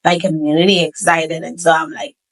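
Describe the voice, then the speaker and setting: Woman, low-pitched, earnest testimony, preacherly repetition, podcast guest. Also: little pitch movement, brisk, low-quality recording. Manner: earnest, preacherly, repeats phrases for emphasis. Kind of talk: emotional testimony.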